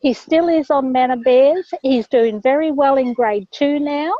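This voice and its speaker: A fairly high-voiced woman speaks enthusiastically, stumbling over fillers. The call audio is dry and muffled. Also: dry recording. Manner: enthusiastic, halting with many fillers. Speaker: guest sharing a story. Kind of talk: online group call testimonial.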